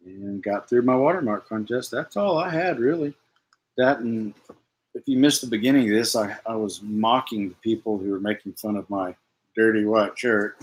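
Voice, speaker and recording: A man hosting a casual live stream, rambling and self-deprecating as he answers viewers' comments. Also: medium pitch. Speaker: livestream host.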